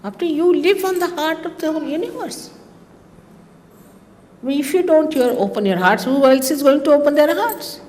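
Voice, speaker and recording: A woman, giving a spiritual talk to her followers in a lively, teasing manner with mocking asides. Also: high-pitched, normal speed. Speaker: spiritual teacher. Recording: long reverb of a hall, faint ambience.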